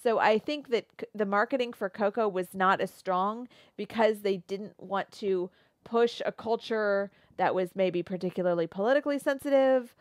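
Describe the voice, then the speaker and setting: A woman co-hosts a casual podcast and talks things through out loud, restarting her sentences as she goes. Her pitch sits in the middle, and the recording is close and dry with no room sound. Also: normal speed, no room sound. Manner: chatty, thinks aloud with restarts; reads live viewer comments aloud. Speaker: podcast co-host. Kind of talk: casual chat.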